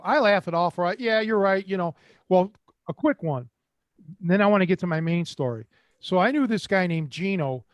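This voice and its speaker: High-voiced older man spinning street stories. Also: no room sound. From Cleveland, Ohio. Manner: rambling, streetwise, quotes others in voices. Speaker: host. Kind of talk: casual storytelling.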